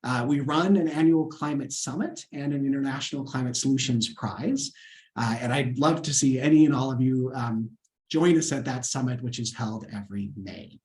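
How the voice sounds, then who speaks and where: A man's voice: medium pitch, moderate pace, darkish tone. A man, a scientist, giving an earnest lecture over a video call webinar and answering questions, with frequent fillers and restarts.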